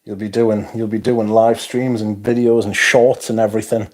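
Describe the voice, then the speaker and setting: This livestream host, a man from North East England, sounds weary as he works through viewer comments in a casual chat. His voice sits fairly low, mellow and level, moving at an ordinary speed. Expect lots of rambling, self-deprecation, yawns and interjections.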